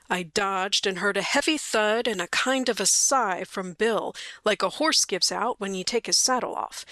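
Woman narrator, clear and wry, bright voice, dry close recording. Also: medium pitch, no echo. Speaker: audiobook reader. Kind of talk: storybook narration.

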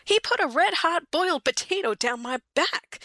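A woman's voice: very high-pitched, animated, normal speed, bright, forceful tone, no echo, clean studio sound, pitched above the performer's own voice, exaggerated voice. A woman voicing Bill, a nervous, complaining grown outlaw who talks in a rustic drawl and sounds frightened. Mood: fretful.

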